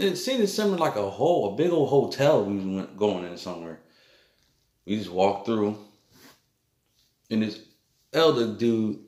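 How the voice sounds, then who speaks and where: A man recounting a vivid dream in a rambling, repetitive way, full of loose fillers. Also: lowish voice. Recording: echoey room.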